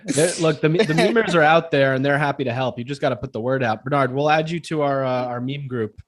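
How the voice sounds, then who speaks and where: A man's voice: mid-range voice, fairly quick, a little hiss or hum. Chatty man on a livestream. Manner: chatty, laughing, with fillers. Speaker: co-host from the company. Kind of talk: casual livestream chat.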